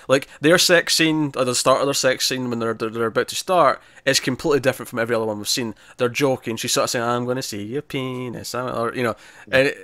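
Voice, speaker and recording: A man chats through an episode recap, jumping into characters' voices as he goes. His pitch sits in the middle of the range. The recording is dry and close. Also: no echo. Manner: animated recapping, acts out characters' lines; frequent restarts and repeated words. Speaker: podcast co-host reviewing TV. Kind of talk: casual review discussion.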